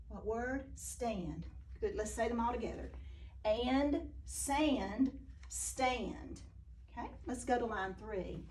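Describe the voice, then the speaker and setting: A woman teaching a phonics lesson to young children, speaking slowly and praising each answer. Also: a little high, darkish tone, distant mic, a little hiss or hum.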